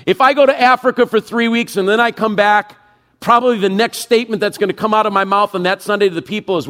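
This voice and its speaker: A middle-aged male pastor preaching with a high voice. He is emphatic, acting out people's inner thoughts and then dropping low and quiet for the Spirit's words. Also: fast talker. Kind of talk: sermon.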